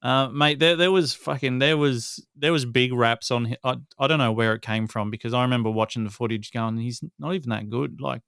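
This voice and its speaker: A man's voice: medium pitch, steady tone, a little fast, hardly any pauses, a bit bright, smooth, no echo, studio quality. Ranting, foul-mouthed man. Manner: blunt, ranting, heavy swearing. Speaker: podcast co-host. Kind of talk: casual sports chat.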